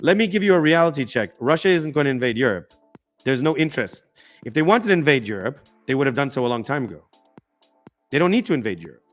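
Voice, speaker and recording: A man's voice: medium pitch, big pitch swings, fast talker, faint music behind. A man hosting a live political stream, giving emphatic, ranting commentary full of restarts.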